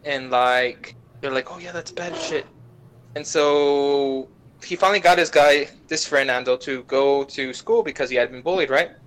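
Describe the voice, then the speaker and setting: A man's voice: medium pitch, a little hiss or hum, rough recording. A young man casually retelling an anime plot, swearing a lot and briefly putting on the characters' voices. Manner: profane, animated retelling with quick voices for characters. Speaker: podcast guest.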